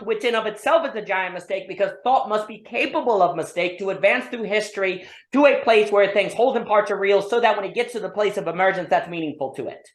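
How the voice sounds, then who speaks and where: Animated woman thinking aloud, roomy echo. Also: medium pitch. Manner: animated, thinking aloud, restarts and rhetorical questions. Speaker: discussion host. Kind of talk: casual philosophical discussion. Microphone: online call.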